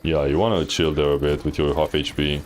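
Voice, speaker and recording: Deep-voiced laid-back male game coach. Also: little pitch movement, brisk, a little hiss or hum. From Thailand. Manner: laid-back, slangy, teasing, laughs often. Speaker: game coach reviewing gameplay. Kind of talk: casual livestream coaching commentary.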